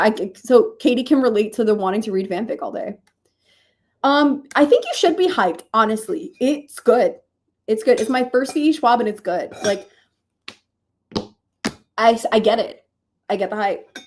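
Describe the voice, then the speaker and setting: A woman's voice: on the high side, animated, normal speed, long pauses, a little hiss or hum. A sleepy woman hosting a live stream, chatting casually with viewers, thinking aloud and laughing often. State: sleepy, yawning. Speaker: streamer hosting reading sprints.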